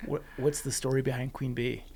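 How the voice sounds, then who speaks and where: A man's voice: mid-range voice, flat delivery, a little fast, creaky, a little mellow. A man hosting a podcast interview, upbeat and jokey with his guests. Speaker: podcast host.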